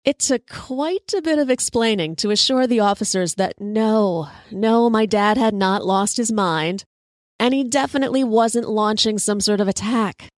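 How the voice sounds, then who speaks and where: A woman hosting a podcast, telling a personal story in a lively, conversational way. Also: medium pitch, moderate pace, no room sound. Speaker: podcast host. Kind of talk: storytelling monologue.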